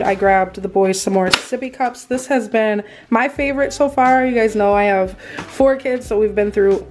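Chatty young mom, hoarse and congested. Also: female voice, medium pitch, darkish tone. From US Midwest. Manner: chatty, filler-heavy, addresses viewers directly. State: hoarse and congested after illness. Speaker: vlogger. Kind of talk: casual haul vlog talk.

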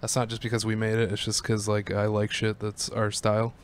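A man's voice: on the low side, completely flat delivery, brisk, a little hiss or hum. A young man co-hosting a podcast, blunt and crude, teasing the others in casual chat.

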